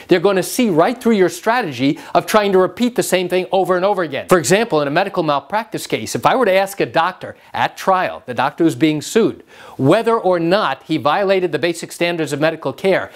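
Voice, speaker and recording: A middle-aged man, a personal injury lawyer, explaining a courtroom phrase to the camera in a lively way, acting out the quotes he tells. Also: high-pitched. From New York. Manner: animated, acts out courtroom quotes. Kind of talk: direct-to-camera legal explainer.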